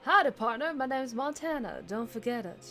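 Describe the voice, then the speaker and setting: A woman's voice: sits high, expressive, normal speed, bright, forceful tone, faint music behind, pitched above the performer's own voice, exaggerated voice. A woman putting on a folksy Southern drawl as a swaggering cowgirl gunslinger in a game, with slangy, friendly talk. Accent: put-on Southern US drawl.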